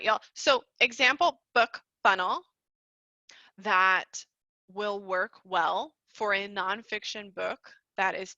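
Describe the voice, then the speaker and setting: A woman's voice: medium pitch, pushed and bright, dry recording, muffled recording. A woman hosting a live online class, chatty and casual, laughing often and calling her listeners y'all. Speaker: online course host. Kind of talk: live webinar teaching.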